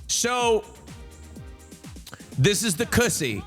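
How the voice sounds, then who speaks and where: A high-voiced man streams live and chats with his viewers, his pitch swinging widely as he talks. He speaks slowly, swears freely and circles back over his own words. Faint music plays behind him. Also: very animated, a bit bright. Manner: profane, repetitive storytelling addressing chat. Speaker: livestreamer. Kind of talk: casual live-stream chat.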